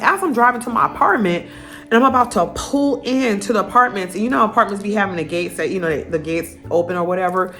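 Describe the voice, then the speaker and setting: An adult woman speaks, recounting her own story to camera in a blunt, profane and animated way. Her pitch sits mid-range for a woman. Soft guitar music plays faintly underneath her. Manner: candid, profane, animated retelling. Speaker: vlogger.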